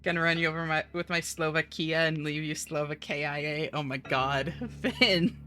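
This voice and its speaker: A woman's voice: sits low, normal speed, pushed and bright, faint music behind. A woman streaming a video game live, bantering with chat in a flirty, teasing way and trading puns.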